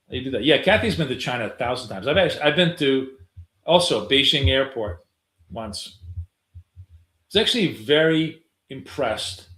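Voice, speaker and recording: A middle-aged man at his desk, talking through his trades on a live stream. His voice sits at an ordinary pitch, and it rings in a roomy, echoey space. He rambles loosely, drops in casual swears, and trails off into fillers. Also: fairly bright tone.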